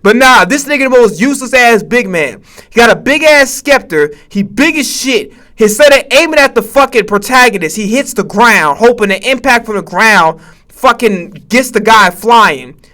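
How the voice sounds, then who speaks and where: A man's voice: extremely high pitch, expressive, normal speed, bright, forceful tone. A man streaming live, giving reaction commentary in a profane, stammering, rant-like way from his home setup. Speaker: Twitch streamer.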